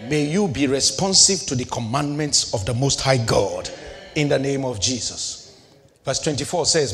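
A man's voice: medium pitch, very animated, measured pace, fairly bright tone. A middle-aged male pastor preaching a sermon, asking rhetorical questions and building and dropping his intensity, in a church hall. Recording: long hall reverb.

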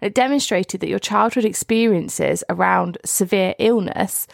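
Female podcast co-host, gravelly voice, dry close sound, teasing yet clear when explaining. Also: medium pitch, a little slow, no room sound. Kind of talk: casual chat and explaining.

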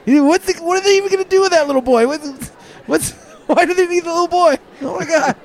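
A frantic townsperson hollers from the crowd in a high, shrill voice, as a man puts it on. The figure is loud and breathless with excitement, the voice pushed well above its natural pitch. It comes from a casual tabletop game session. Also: fast. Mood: frantic cheering.

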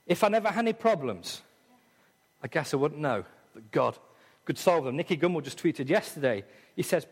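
A middle-aged man with an English accent preaching a sermon, dramatic, acting out voices in quotes and swinging between loud and soft. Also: a little high, big-room sound. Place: church hall.

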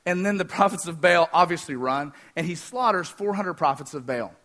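A man preaching a sermon, fast-talking, energetic and joking with the congregation. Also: on the high side. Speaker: pastor.

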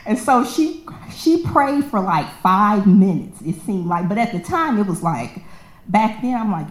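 Animated New woman telling a story. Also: mid-range voice, moderate pace. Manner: animated, acts out quoted voices, laughs often. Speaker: storyteller sharing a personal testimony. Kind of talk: casual storytelling with scripture. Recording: echoey room.

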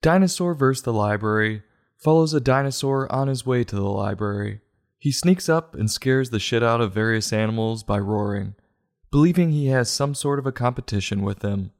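A man's voice: mid-range voice, moderate pace. Sarcastic man reviewing a children's book. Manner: sarcastic, exasperated, rising to incredulous questions; profane deadpan asides. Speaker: host of a book review show.

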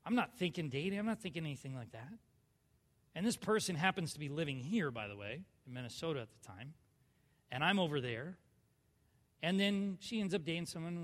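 High-voiced man giving a hall testimony. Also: normal speed. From southern California. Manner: animated storyteller, swinging from hushed to loud. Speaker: church speaker sharing testimony. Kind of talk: personal testimony sermon.

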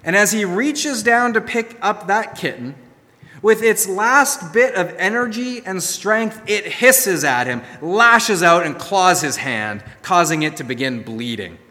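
A man delivers a storytelling sermon, dropping to hushed tones then rising to emphasis. His voice is bright and a little high. It rings out with the long reverb of a large hall. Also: expressive, measured pace. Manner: storytelling, swings from soft to emphatic. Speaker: pastor.

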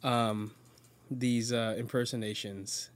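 A woman's voice: rumbling low, fairly even intonation, slow, no echo. A young woman hosting a casual chat, playful and teasing, laughing often. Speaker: host.

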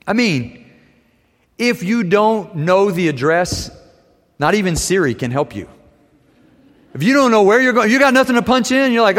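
A man's voice: sits high, expressive, normal speed, long reverb tail. A man preaching a sermon in a conversational way, with wry asides to his congregation. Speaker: pastor.

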